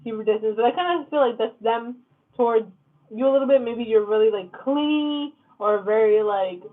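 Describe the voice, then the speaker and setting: A blunt woman tarot reader with a fairly high voice at normal speed gives a casual reading to camera, cursing casually. She uses fillers like "like" and "okay?", and the audio sounds tinny and lo-fi, like a phone.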